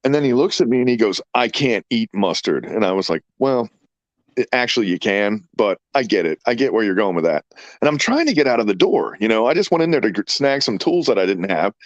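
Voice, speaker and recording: A man's voice: on the low side, fast, no echo, lo-fi sound. A man in his fifties, a podcast host telling rambling, profane stories in casual chat. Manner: rambling, profane, animated storyteller.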